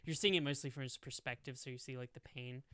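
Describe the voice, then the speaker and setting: A man's voice: medium pitch, steady tone, fast talker, bright, forceful tone, dry recording, clean studio sound. A young man narrating a tabletop game as game master, rambling with lots of fillers. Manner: rambling, full of "like" and "um".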